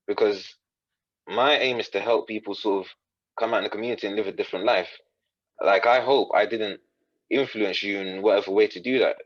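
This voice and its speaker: On a dull, echo-free recording, a man with a fairly low voice earnestly recounts a story as a podcast guest. A coach by trade, he quotes other people's lines and keeps restarting his sentences.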